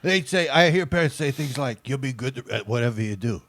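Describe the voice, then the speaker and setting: A man playing a brash, blunt anti-vaccine bandleader who is a harsh father, in deadpan bravado at home. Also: medium pitch, a little fast, dry recording, studio quality, lightly acted. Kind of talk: improvised comedy character.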